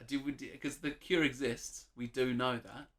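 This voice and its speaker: A man co-hosting a casual chat, enthusiastic, with quick bursts of excitement. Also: mid-range voice. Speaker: podcast co-host.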